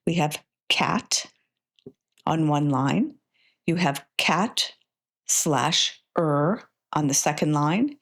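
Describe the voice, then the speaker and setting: A woman with a fairly low voice hosts a teaching podcast. She speaks slowly and patiently, and her pitch rises and falls in a lively way as she breaks words into syllables step by step. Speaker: podcast host and reading tutor. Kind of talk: instructional podcast talk.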